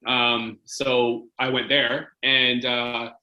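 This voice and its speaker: A man's voice: medium pitch, flat delivery, very slow, sharp tone, highs cut off. A man in his forties from Canada, a former hockey goalie telling stories in a casual interview, rambling with lots of "like" and "right?".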